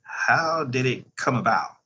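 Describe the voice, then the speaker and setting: Man reading as a timid young interviewer, husky, sharp-edged voice, hesitant questions. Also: mid-range voice, animated, slow pace, voice pushed up, full character voice. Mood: nervous. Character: nervous young male interviewer, flustered and timid. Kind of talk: reading a novel aloud.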